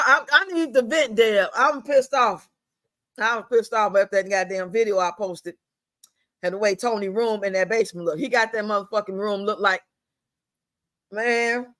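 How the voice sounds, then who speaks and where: A man's voice: high-pitched, pushed and bright, no room sound, clean studio sound. An older man, venting angrily and profanely on a home live stream and repeating himself as he fumes. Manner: fuming, profane, repeats himself, drawls some words out. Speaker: livestream host.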